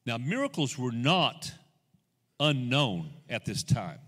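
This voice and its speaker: A man preaching a sermon as guest speaker. He goes from soft, slow asides to loud, rising exhortation, and he acts out the people he quotes in his own voice. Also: medium pitch, sing-song, in a large hall.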